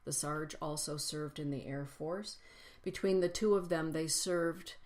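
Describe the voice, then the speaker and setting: Low-voiced woman giving a reflective spiritual talk. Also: little pitch movement. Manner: reflective, with lists and slowing emphasis. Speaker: spiritual speaker. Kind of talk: personal spiritual talk to a congregation.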